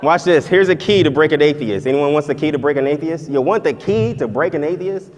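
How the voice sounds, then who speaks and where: A man preaching a conference sermon, swinging from loud exhortation down to hushed, prayerful tones. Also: on the high side, a little fast. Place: conference hall. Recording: reverberant hall.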